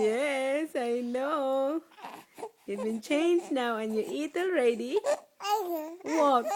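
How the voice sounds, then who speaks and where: A woman talking baby talk to her infant son, cooing and asking the same short questions over and over. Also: high-pitched.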